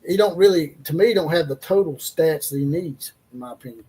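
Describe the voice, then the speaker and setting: Man, high pitched voice, blunt and profane, joking, sports panel, remote call mic. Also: expressive, brisk, mellow, husky. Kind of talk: casual sports talk.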